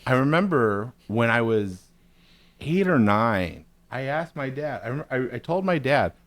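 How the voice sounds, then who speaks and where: A man's voice: mid-range voice, big pitch swings, a little slow, dry recording. A man in his forties telling a rambling, profane, self-mocking story on a podcast. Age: 40s. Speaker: podcast co-host. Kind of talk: casual storytelling.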